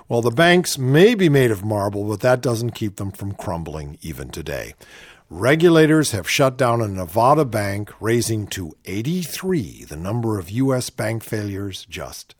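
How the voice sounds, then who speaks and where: A man's voice: on the low side, lively intonation, moderate pace, dry recording, studio quality. Sarcastic man reading the news. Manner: sarcastic, reads news items then quips. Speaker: radio co-host. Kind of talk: casual talk radio news commentary.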